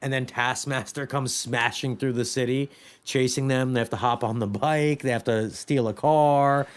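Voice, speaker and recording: Male podcast co-host, clear resonant tone, casual rambling film chat. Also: medium pitch, fairly even intonation, normal speed. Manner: rambling, full of fillers and restarts. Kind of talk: casual movie discussion.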